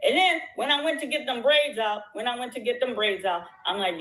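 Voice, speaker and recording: Emphatic woman repeating herself, fairly high. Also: fairly quick, fairly bright tone, poor audio. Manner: emphatic, repeats phrases over and over; rambling, restarts sentences. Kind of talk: impassioned casual talk. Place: out at dinner with supporters.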